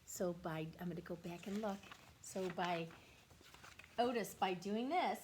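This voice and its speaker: Teacher lady doing a kids read-aloud, slow and soft, faint hiss in the background. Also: mid-range voice, lively intonation. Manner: gentle, questioning, drops to whispers for kids.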